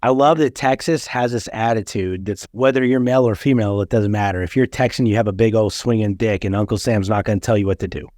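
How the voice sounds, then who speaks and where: A man's voice: lowish voice, quick pace, few pauses, no echo. Man, podcast host, casual blunt chat, profane, dry sound. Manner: blunt, swears freely, animated storytelling.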